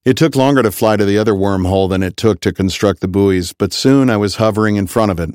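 A male narrator tells a first-person story with an even, wry delivery. His voice sits on the low side. The recording is dry and close, with no room sound. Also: quick pace, hardly any pauses, no room sound. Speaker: audiobook narrator.

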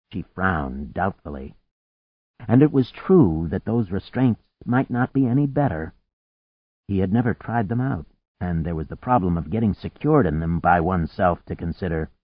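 Male narrator, scripted story reading, fairly low voice, lively pitch swings, slightly muffled dry recording. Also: no room sound. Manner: vivid, expressive reading that rises and sinks. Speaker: audiobook narrator.

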